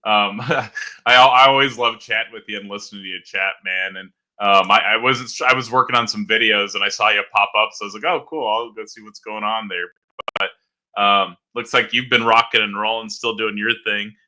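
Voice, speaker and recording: Man, streamer guest, friendly and easygoing, very bright sharp tone. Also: lowish voice, fairly even intonation, brisk. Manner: friendly, easygoing, stammers a little. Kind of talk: casual livestream chat.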